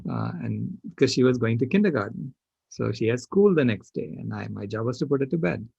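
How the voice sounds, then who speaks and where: An older man on a panel, telling a personal story with animated, emphatic delivery. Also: medium pitch, brisk, creaky, breathy edge, no room sound, muffled recording. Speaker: panel speaker.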